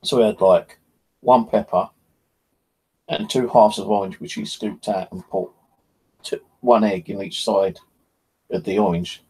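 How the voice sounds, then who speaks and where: A man's voice: lowish voice, warm tone, husky, rough recording. A man, hosting his channel in a casual, rambling chat, blunt and full of swearing. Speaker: paranormal channel host.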